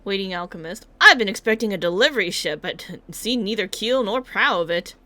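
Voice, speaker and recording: A courteous, slightly fretful alchemist, read by a woman in a game read-along. The formal speech comes in a bright, lively voice. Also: medium pitch, a little fast, dry recording. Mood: polite. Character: polite, fretful adult alchemist. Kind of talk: reading game dialogue aloud.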